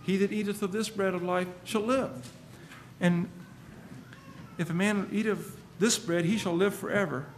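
A man's voice: sits high, fairly even intonation, a little slow, roomy sound, a little hiss or hum. A man preaching a sermon, earnest and emphatic, quoting scripture at length.

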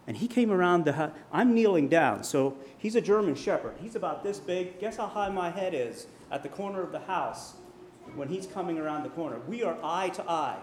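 A man's voice: high voice, lively intonation, fairly quick, slight background noise. Man telling a sermon story. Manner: vivid storyteller, dramatic shouts in quotes. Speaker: preacher.

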